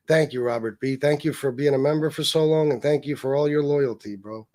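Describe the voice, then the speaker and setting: A man's voice: a little high, a little fast, hardly any pauses. A man hosting a casual livestream, talking bluntly and with lots of swearing, and reading out viewer messages. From Sicilian heritage. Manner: profane, blunt, reads donor messages aloud. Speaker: livestream host.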